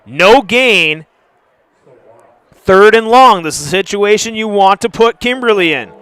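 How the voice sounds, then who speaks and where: A man calls a high school football game play by play from the stadium, chatty between snaps and surging to shouts when a big play breaks. His voice sits high and rings bright. It comes through smooth and clean. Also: expressive, moderate pace, dry recording. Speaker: play-by-play announcer.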